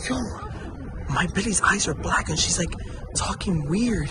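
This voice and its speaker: A man acting scared in an outdoor park for a prank vlog, excitable and swinging between hushed and loud. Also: sits high, a little slow, noisy background. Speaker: vlog co-star.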